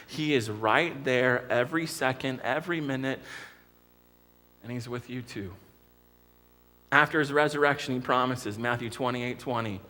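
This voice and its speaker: A man's voice: mid-range voice, moderate pace, pauses often, bright, forceful tone. An American man preaching a sermon as pastor, earnest and vivid, often restarting his sentences.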